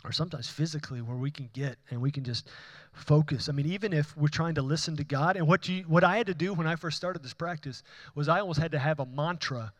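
A man's voice: a little high, fast, a bit bright. A man preaching a sermon, speaking in an earnest, conversational way with frequent restarts. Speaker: pastor.

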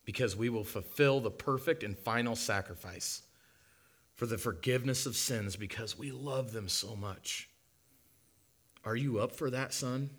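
A male preacher delivers a dramatic sermon monologue in a mid-pitched voice. He moves between impassioned calls and near-whispered intimacy. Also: measured pace. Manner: impassioned, swings from loud to hushed.

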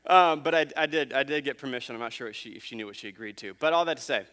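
During his sermon, a thirty-something pastor shares a family story in an easygoing, chatty way, with fillers and false starts. His mid-range voice races along.

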